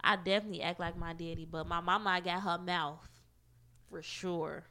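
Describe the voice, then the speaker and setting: Blunt, bright-voiced woman. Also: lowish voice, fairly even intonation, moderate pace. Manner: blunt, profane. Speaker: podcast co-host. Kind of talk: casual chat.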